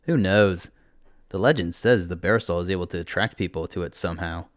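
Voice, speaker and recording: As a male narrator, lift into a light, carefree young woman, blunt and unbothered, speaking up brightly. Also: sits low, brisk, dry recording, clean studio sound, close to an everyday voice. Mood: offhand. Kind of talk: audiobook character voice.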